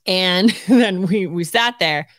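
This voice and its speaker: A woman's voice: lowish voice, takes it slowly, no echo. A woman in her forties, co-hosting a podcast, telling a story in casual chat, laughing often and acting out what others said. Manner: animated, laughing often, acts out quotes. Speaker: podcast co-host.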